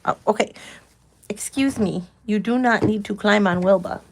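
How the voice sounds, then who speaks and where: A woman's voice: medium pitch, fairly even intonation, fairly quick. A young woman on a farm, cooing and teasing her animals in a pen in casual chat. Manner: cooing baby talk to animals, playful teasing. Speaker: farm vlogger.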